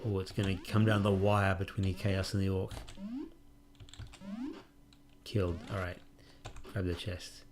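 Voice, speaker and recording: A man's voice: deep voice, little pitch movement, moderate pace. A man hosting a let's play, casually commenting on a game and reading its prompts aloud with wry musing.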